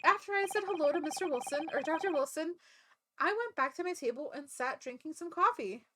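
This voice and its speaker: A woman's voice: sits high, expressive, fairly quick, heavy background noise. A woman voicing an earnest young man pleading his innocence in a courtroom game.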